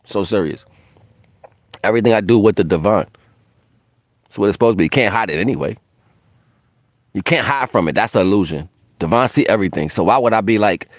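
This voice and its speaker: A man's voice: mid-range voice, sing-song, brisk, pauses often, no echo, clean studio sound. A man hosting a spiritual livestream in a brash, profane, casual way, laughing often.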